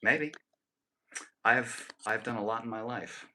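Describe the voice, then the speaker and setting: A man's voice: medium pitch, slow, bright, forceful tone, slight background noise, low-quality recording. A young man live-streaming, casually joking and teasing as he reads and answers his chat.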